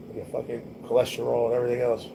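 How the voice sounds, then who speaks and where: He talks very fast in a gravelly, medium-pitched voice with a completely flat delivery. As host of a casual livestream, he rambles bluntly at his viewers, swearing and using slang constantly, and there's noticeable background noise.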